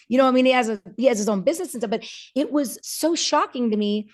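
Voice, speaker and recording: A woman in her forties, a podcast guest, talking candidly and earnestly, with frequent restarts, and voicing the people she quotes. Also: a little high. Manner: earnest, halting with many restarts, acts out quoted dialogue. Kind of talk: candid personal conversation.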